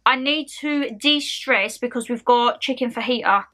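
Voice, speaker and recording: A woman's voice: a little high, moderate pace. Ranting young woman. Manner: animated, exasperated ranting with slangy asides. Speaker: vlogger. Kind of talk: casual ranting chat to camera. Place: at home.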